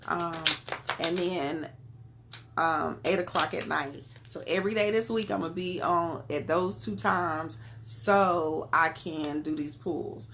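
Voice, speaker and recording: A woman's voice: lowish voice, takes it slowly, noisy background. A woman with a Southern US accent, chatting casually with viewers on a live stream while reading tarot cards, calling them y'all and beloved. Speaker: tarot card reader.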